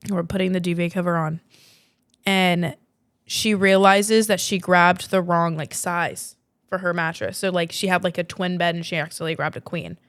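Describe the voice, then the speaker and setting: A young woman in her twenties hosts a podcast and tells a story in a loose, chatty way. She fills it with "like" and casual swearing. Her voice is smooth, and the sound is close and dry. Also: fairly low pitch, steady tone, moderate pace, a bit bright, dry recording. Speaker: podcast host.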